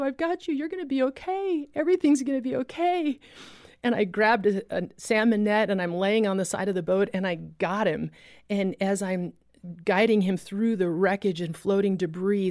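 A woman preaching through a dramatic testimony in a medium voice, telling it with intense, vivid storytelling. She sinks low and soft at the solemn moments. The sound is close and dry, with no room around it. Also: no echo.

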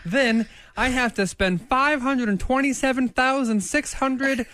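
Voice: sits high, unhurried, fairly bright tone, a little hiss or hum. A radio show producer and co-host who reads a comic fill-in-the-blank diary aloud and drops dry asides. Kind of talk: casual radio banter and comic reading. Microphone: studio microphone.

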